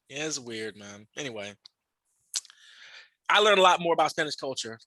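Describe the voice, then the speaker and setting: Guy on a podcast spinning stories, swears a lot, bright tense voice, dry sound. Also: on the high side, normal speed, pauses often, no echo. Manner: animated, profane, acts out other people's voices. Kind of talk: casual storytelling chat. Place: podcast studio.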